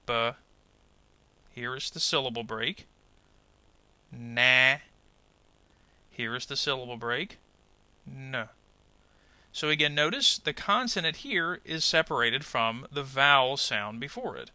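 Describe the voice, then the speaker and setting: Lively, bright-voiced male pronunciation teacher. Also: medium pitch, dry recording. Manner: clear, deliberate, over-articulates example words. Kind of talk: scripted lesson voice-over.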